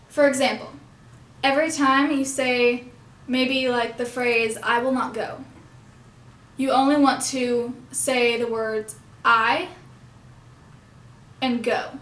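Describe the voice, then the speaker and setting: A woman's voice: high-pitched, fairly bright tone. A young woman explaining puppet technique in a hands-on lesson, stopping now and then to correct herself. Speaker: puppetry instructor. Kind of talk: instructional demonstration. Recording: echoey room.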